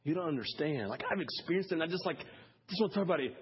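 Pastor, male, slightly higher voice with a husky edge, casual sermon delivery that drops low then bursts loud, dull lo-fi audio. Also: animated, fast. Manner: conversational preaching, swings from hushed to loud; many fillers like "like" and "listen".

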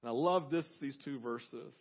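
A man preaching a sermon, emphatic, swinging between fervent loud stretches and hushed asides. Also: mid-range voice, normal speed, lo-fi sound. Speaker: pastor.

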